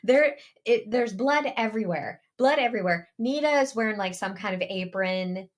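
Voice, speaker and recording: A woman co-hosting a podcast, telling a family anecdote in a casual, animated way and laughing along the way. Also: medium pitch, moderate pace. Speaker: podcast co-host. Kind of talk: casual storytelling chat.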